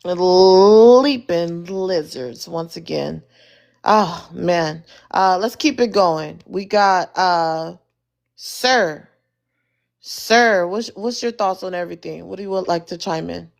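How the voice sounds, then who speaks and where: A woman hosting and moderating a live audio panel. She reacts with exclamations and moves the speakers along briskly. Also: lowish voice, creaky. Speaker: host.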